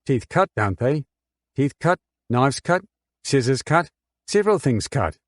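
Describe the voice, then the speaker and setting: A man's voice: mid-range voice, very animated, a little slow, no echo, studio quality. A man reading an audiobook voices a woman on the witness stand, a mother who answers with scorn and precise, argumentative replies. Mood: insistent.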